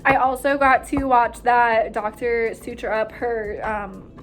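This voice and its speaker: A young woman, a nursing student, excitedly retelling a hospital story in a casual vlog, full of "like" and acted-out quotes. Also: on the high side, slow, slight background noise. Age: young adult. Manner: animated, breathless retelling with frequent "like" and quoted voices.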